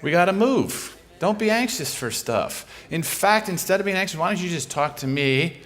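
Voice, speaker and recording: Jesus, as a preacher puts him on, teasing and higher. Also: male voice, expressive, moderate pace, fairly bright tone, soft background music. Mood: coaxing. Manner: light, amused, coaxing. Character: Jesus, a playful, teasing, encouraging man.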